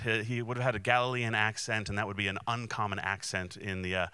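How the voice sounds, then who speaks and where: A man preaching a sermon in an easy, conversational way, often restarting his sentences and briefly acting out the voices in the story. His voice is bright and clear, a little low in pitch. The sound is dry and close. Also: steady tone, fast talker, few pauses, no echo. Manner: conversational, many restarts and fillers; acts out quoted voices. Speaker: pastor.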